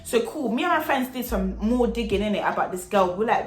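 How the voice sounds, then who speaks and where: Young woman, slangy storytime vlogger, middle pitch, roomy echo. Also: a little fast, hardly any pauses. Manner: animated slangy chatty storytelling. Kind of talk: storytime vlog.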